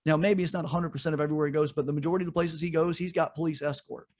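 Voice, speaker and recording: A man's voice: on the high side, fairly even intonation, racing, a little mellow. A man co-hosting a podcast, ranting in a heated, profane way during casual political chat. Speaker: podcast co-host.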